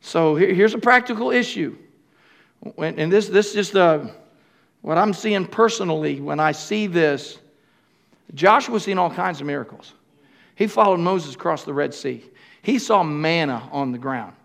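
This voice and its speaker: Male pastor, high pitch, emphatic church preacher addressing the congregation. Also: lively intonation, a little slow, gravelly. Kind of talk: sermon.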